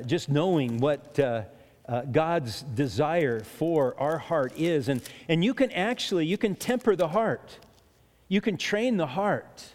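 Preaching with a long hall reverb around him, a pastor talks through his sermon conversationally, often restarting and laughing softly between points. His voice is a little high with a darkish tone.

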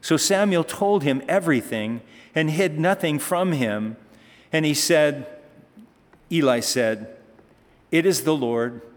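A man's voice: fairly high pitch, lively intonation, slow pace, pauses often. A male pastor giving a conversational sermon, reading scripture and then explaining it, with emphatic passages. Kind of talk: sermon, Bible teaching. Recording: reverberant hall.

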